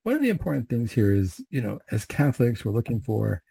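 A man's voice: mid-range voice, big pitch swings, fairly quick, creaky, dark tone, husky, dry recording. A man reciting prayers and then giving a reflective, conversational sermon as a preacher.

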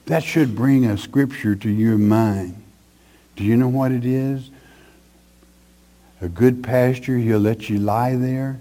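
A man preaching a Bible-teaching sermon in a folksy, emphatic way, often checking in with "okay?". He reads scripture loudly and drops to a soft tone for comfort. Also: medium pitch, fairly even intonation, slow pace, long pauses. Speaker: pastor.

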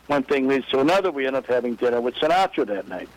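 A man's voice: mid-range voice, quick pace, poor audio. A baseball executive telling an anecdote in an interview, acting out the voices of the people he quotes. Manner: lively storyteller, acts out quoted voices.

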